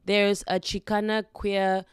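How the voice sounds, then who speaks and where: Woman talking from the heart on her podcast, slow and earnest, dry close sound. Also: medium pitch, flat delivery, smooth, no echo. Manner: slow, earnest, gently encouraging. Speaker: podcast host. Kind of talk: reflective heartfelt monologue.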